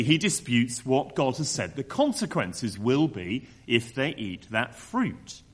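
A man's voice: medium pitch, fairly bright tone, husky. A man preaching a sermon, acting out quoted voices with mocking tones.

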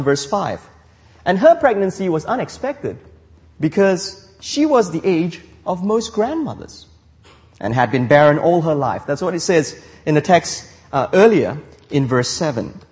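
A man preaching from the pulpit. His voice is fairly high and swings widely in pitch, and he restarts his phrases and asks rhetorical questions. The sound rings with the long reverb of a large church hall. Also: darkish tone. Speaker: pastor. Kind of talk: sermon.

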